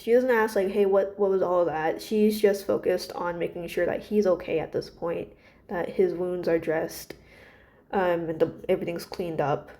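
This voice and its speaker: A woman casually rambling about her characters, hesitant and soft-spoken, with many fillers and restarts. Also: lowish voice. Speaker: creator discussing her characters.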